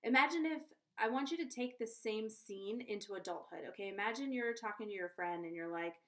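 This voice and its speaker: A woman speaks straight to her viewers in a casual advice vlog, earnest and chatty. She keeps turning back to her audience to check they are following. Her voice sits at an ordinary middle pitch. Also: a little fast. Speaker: conscious parenting coach.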